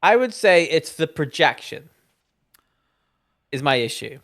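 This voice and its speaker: A man co-hosting a casual film podcast, animated and acting out reactions as he talks. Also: on the high side, a little slow. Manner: animated, acts out reactions in quotes. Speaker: podcast co-host.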